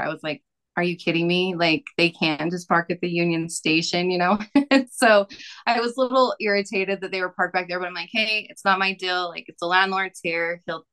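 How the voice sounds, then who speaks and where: A woman's voice: lowish voice, fairly bright tone. A woman, a podcast guest, chatting casually as she tells a personal story with lots of fillers and quoted asides. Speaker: podcast guest, massage therapist.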